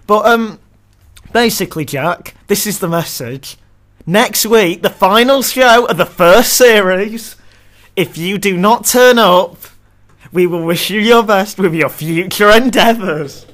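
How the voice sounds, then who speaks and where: A man's voice: high-pitched, a little slow, a bit bright. A young man co-hosting a casual podcast, joking and laughing often at his own lines. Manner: jokey, self-mocking, laughs often. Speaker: podcast co-host.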